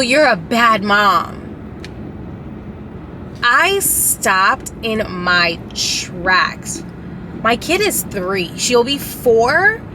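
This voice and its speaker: Rambling woman vlogger over car noise. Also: on the high side. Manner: rambling, many fillers and restarts; candid, emotional, occasionally profane. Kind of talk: casual storytime chat.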